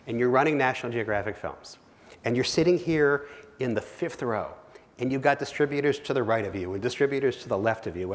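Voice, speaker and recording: A man giving a keynote speech, telling a vivid second-person story to a live audience in a large auditorium. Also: mid-range voice. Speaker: keynote speaker. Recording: long reverb of a big hall.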